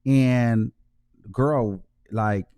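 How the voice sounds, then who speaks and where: A man hosting his own channel, giving heartfelt shout-outs in slangy casual talk and repeating himself for emphasis. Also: medium pitch, drawn-out words, clear, resonant tone. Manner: heartfelt, emotional. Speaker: YouTube show host. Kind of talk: casual vlog shout-out to viewers.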